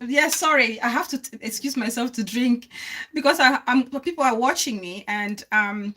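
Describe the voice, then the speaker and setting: A woman's voice: on the high side, normal speed, pushed and bright. A woman hosting a live stream, speaking earnestly to her viewers and repeating phrases for emphasis. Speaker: livestream host.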